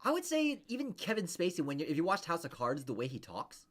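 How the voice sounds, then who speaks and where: A man's voice: fairly high pitch, huge pitch swings, quick pace. A man coaching over a video call, rambling casually with many restarts and fillers. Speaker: interview coach.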